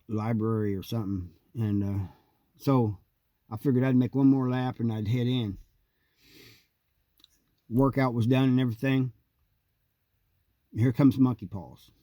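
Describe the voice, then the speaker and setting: A man host telling a long personal story in a casual, rambling way, with frequent pauses and fillers. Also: medium pitch, warm tone, dry recording. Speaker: host telling prison stories.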